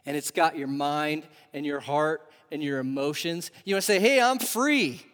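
A man preaching a sermon in a lively, animated way, putting question after question to his listeners. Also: fairly high pitch, moderate pace. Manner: animated, asks the audience questions. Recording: long reverb of a large hall.

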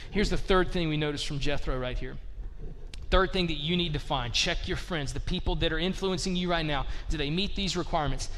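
A man's voice: fairly high pitch, a little fast, a bit bright, long reverb tail. A man preaching a casual, conversational sermon, peppering his talk with "like" and asking the listeners rhetorical questions. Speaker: pastor.

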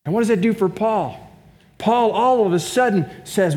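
A man's voice: high-pitched, normal speed, darkish tone. A man preaching a sermon as pastor, in a conversational way, putting rhetorical questions to his congregation. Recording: long reverb of a large room.

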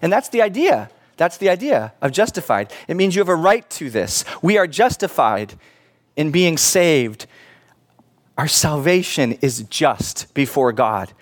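Pleading pastor preaching a sermon. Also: male voice, a little high, big pitch swings, unhurried. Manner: earnest and pleading, with conversational asides. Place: church.

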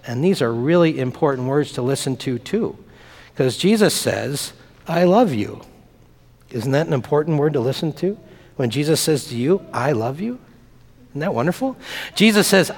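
Playful pastor talking with children. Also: male voice, mid-range voice. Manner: friendly, playful, speaking simply to children. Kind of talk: children's message in church. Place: church sanctuary. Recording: long reverb of a church hall.

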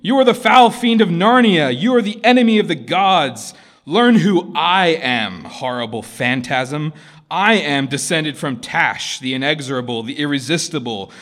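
A man voicing an arrogant villainous prince who shrieks curses in a high, loud voice. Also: lively intonation, a little slow. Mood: raging. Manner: shrieking, ranting.

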